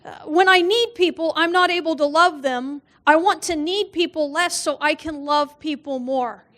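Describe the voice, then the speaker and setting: A woman's voice: high voice, moderate pace, a bit bright. A woman guest speaker giving a humorous sermon in a church, telling personal stories, acting out quoted voices and laughing often.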